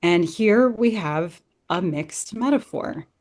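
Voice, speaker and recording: Her voice sits fairly low with a darkish colour, and she speaks slowly and expressively. She's a podcast guest talking about Shakespeare, analysing a text by thinking aloud, earnest and keen, in a conversational way.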